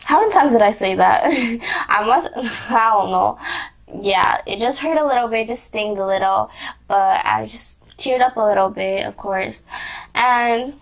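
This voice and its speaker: A young woman vlogger telling a casual story, rambling with lots of fillers, restarts and giggles. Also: fairly high pitch.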